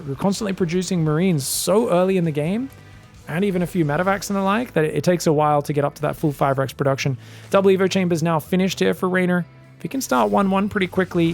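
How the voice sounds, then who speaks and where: A man giving live commentary on a strategy game match, chatty and excitable, breaking into loud shouts at big plays. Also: high-pitched, creaky. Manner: chatty, addresses viewers directly. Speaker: esports caster.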